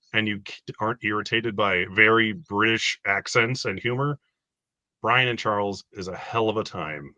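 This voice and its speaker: A man's voice: lowish voice, pushed and bright, dry recording. Rambling man reviewing a movie. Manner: rambling, filler-heavy, laughs often. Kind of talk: casual movie review chat.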